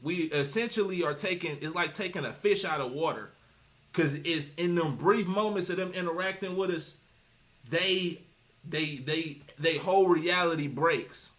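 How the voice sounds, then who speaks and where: A man's voice: on the high side, moderate pace, fairly bright tone. A man giving casual livestream commentary with a preachy, emphatic, rambling delivery that keeps citing scripture. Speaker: streamer commenting on reaction videos.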